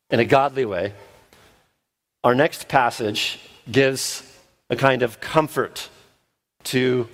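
A man preaching an expository sermon at his church, conversational and self-deprecating, with frequent restarts. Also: medium pitch. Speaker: pastor.

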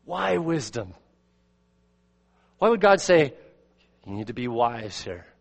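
A man preaching an expository sermon as pastor, earnest, repeating words and swinging from loud emphasis to quiet asides. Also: mid-range voice, very animated, slow pace, gravelly, big-room sound. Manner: earnest, repeats words, rises and drops sharply in volume.

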